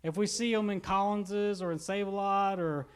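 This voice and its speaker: Guy with a kentucky accent preaching, high-ish voice, jokey and casual, young. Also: fairly even intonation, moderate pace, clean tone. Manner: casual, joking preaching with laughs and asides. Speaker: pastor. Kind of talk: sermon.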